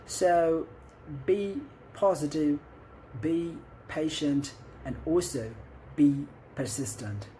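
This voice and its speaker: A man's voice: a little high, slow, dark tone, slight background noise, low-quality recording. A man with an Indian English accent giving encouraging tips on learning an accent, often checking in with "okay?". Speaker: accent coach. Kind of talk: instructional talk to camera.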